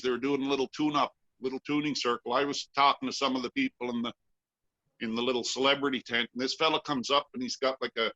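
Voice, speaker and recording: Bright-voiced Canadian man telling a story. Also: medium pitch. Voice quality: chuckling, self-deprecating, rambling with restarts. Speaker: guest storyteller. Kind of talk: telling a personal anecdote to a live audience. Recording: dull lo-fi live recording.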